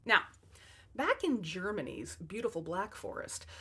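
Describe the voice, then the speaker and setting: A woman's voice: mid-range voice, very animated, a little slow, a bit bright, husky. A woman telling fairy tales in a comic narration, with sarcastic, wry asides to the audience. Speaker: storyteller.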